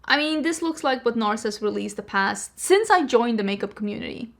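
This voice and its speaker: Female beauty vlogger, somewhat high voice, chatty and animated to camera. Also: brisk, gravelly. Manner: chatty, animated, jokey rants. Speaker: beauty channel host. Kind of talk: casual talk to camera.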